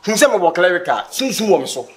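A man's voice: high-pitched, very animated, fast talker, crowd noise. An actor playing a boastful older man who shows off his money in a comedy film.

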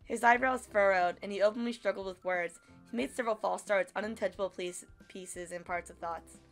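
A woman's voice: mid-range voice, fairly quick, faint music behind. A woman streamer reading a romance visual novel aloud and reacting expressively. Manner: expressive, gushing, playful. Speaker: gaming streamer.

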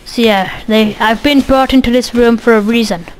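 A woman's voice: fairly high pitch, normal speed, a little hiss or hum, low-quality recording. A woman doing a let's play commentary, goofy and sweary, talking back to the game. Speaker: gamer.

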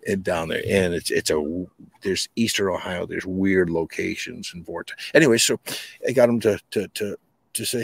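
A man from New England with a Boston accent, a podcast guest telling rambling, animated anecdotes in casual conversation. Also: low voice, moderate pace, gravelly, slightly rough, no echo. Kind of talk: casual storytelling.

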